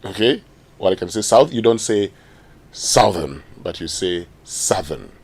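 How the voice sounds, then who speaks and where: A man with a Ghanaian English accent co-hosting a morning radio talk show, arguing emphatically and spelling words out slowly for a pronunciation segment. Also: fairly low pitch, a little mellow. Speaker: radio co-host.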